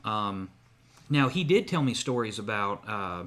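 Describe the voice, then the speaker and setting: A man's voice: fairly low pitch, expressive, a little slow, fairly bright tone. A man co-hosting a podcast, telling a long story in casual chat with many fillers and restarts. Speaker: podcast co-host.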